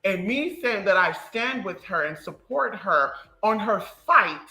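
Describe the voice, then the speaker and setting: A livestream host ranting casually to viewers in a sassy, profane, animated way. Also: medium pitch, measured pace, rough recording. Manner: animated storytelling.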